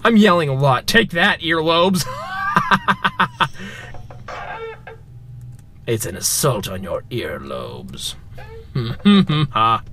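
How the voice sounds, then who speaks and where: A man doing let's play commentary on a game, excitable and joking, yelping at scares and talking to his viewers. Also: mid-range voice, slow, soft background music. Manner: excitable, yelps and shouts at scares. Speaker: gamer.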